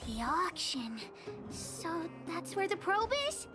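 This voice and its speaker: Squeaky bratty little girl, super high and bouncy, thinks she's the boss, game voice. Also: slow, soft background music, full character voice. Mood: eager. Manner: childlike, sassy and excitable. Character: bratty little girl, boastful self-styled gang leader. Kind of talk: game voice acting.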